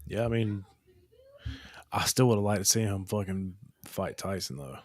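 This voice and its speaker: Man, podcast co-host, lowish voice, dry close sound, loose and profane. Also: animated, a little slow, dry recording. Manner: loose, profane, rambling storytelling. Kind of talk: casual chat.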